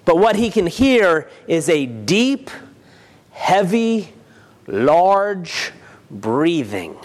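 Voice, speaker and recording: Storytelling reader, male, high-pitched, long reverb: slow, deliberate, dramatic pauses. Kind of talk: reading a novel excerpt aloud.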